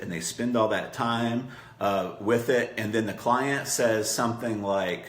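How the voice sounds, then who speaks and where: A man's voice: on the low side, measured pace, fairly bright tone, echoey room. A man teaching marketing copy in a coaching session, talking conversationally and checking in with "right?" as he acts out client quotes.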